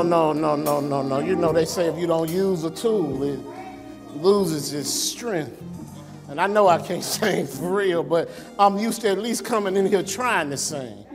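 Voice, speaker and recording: Male pastor, conversational sermon delivery, reverberant sanctuary with faint music behind. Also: a little high. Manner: conversational preaching with rhetorical questions. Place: church sanctuary. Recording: long reverb in a church sanctuary.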